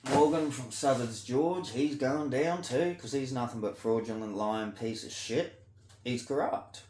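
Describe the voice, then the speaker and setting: A man with an Australian accent in a blunt, sweary rant to camera, swinging between loud outbursts and low mutters. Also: unhurried, roomy sound, a little hiss or hum. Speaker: vlogger. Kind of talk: ranting monologue to camera.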